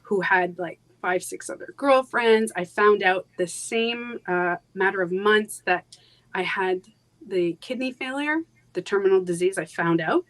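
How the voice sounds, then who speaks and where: A woman guest in a live interview, telling a personal story in a halting way, with many fillers and restarts, going soft on painful moments. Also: mid-range voice, rough recording.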